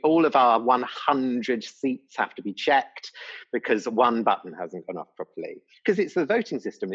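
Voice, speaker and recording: A man's voice: fairly low pitch, fairly bright tone, breathy edge, lo-fi sound. A man who judges a TV talent show, telling a rambling, chatty behind-the-scenes story with lots of restarts. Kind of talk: casual interview anecdote.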